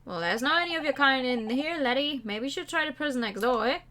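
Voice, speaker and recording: A woman voicing a gruff, hostile male prison governor with dialect words and a blustering manner. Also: on the high side, a little fast, background noise, lightly acted.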